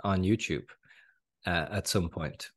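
An Irish man co-hosting a podcast in casual chat, slightly hoarse from a cold, rambling and laughing often. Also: deep voice, takes it slowly. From Ireland. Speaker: podcast co-host.

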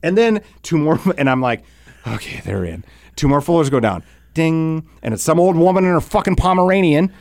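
A man's voice: a little high, a little fast, no room sound, clean studio sound. A man hosting a podcast, telling a long story in casual chat, swearing often and acting out other people's lines. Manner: profane, animated storytelling with exaggerated quoted voices. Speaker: podcast host.

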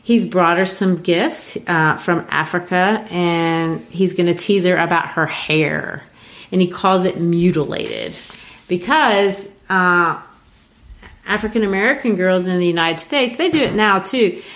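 A woman from Brazil talking casually about a play, retelling scenes in a lively way with frequent fillers. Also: fairly low pitch, measured pace. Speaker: co-host discussing a play. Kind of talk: casual literary discussion.

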